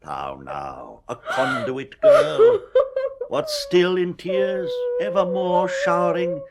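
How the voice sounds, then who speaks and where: Tyrannical older lord, shouting tirades, high and lively for radio drama. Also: male voice, slow, exaggerated voice. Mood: mocking. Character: older male nobleman, hot-tempered domineering father. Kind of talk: 1970s radio drama acting.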